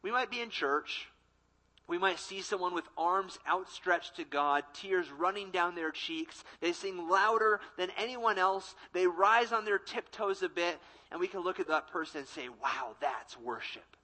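A young adult man, a college ministry pastor, delivering a sermon with emphatic repetition and quick acted-out quotes. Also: high-pitched, bright, forceful tone, poor audio.

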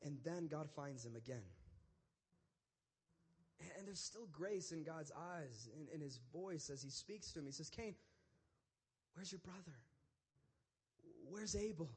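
A young man preaching a sermon in a casual, conversational way, retelling a story with animated asides and frequent "like" and "right?". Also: on the high side, measured pace, long pauses, breathy edge.

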